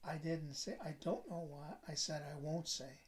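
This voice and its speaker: A man's voice: on the high side, moderate pace, a little hiss or hum, close to an everyday voice. A man reading as a cryptic young student. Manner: flat, recited, matter-of-fact delivery. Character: young male university student, cryptic and teasing.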